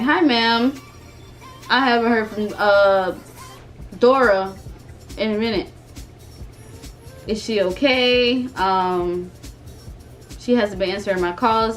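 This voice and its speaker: A woman in her twenties telling a storytime vlog in a casual, animated, profane way, often laughing as she talks. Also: mid-range voice. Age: 20s. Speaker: vlogger.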